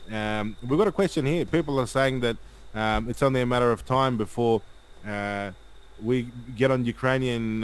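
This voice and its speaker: A livestream host with a medium-pitched voice reads out viewer comments and runs through points quickly and repetitively, hesitating with lots of fillers. The recording quality is low.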